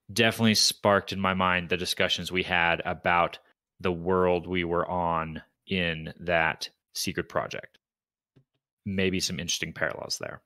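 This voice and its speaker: A man's voice: deep voice, bright, forceful tone, no room sound. A man co-hosting a podcast, talking through ideas in a thoughtful, hesitant way with frequent restarts. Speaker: podcast co-host. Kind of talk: casual book discussion.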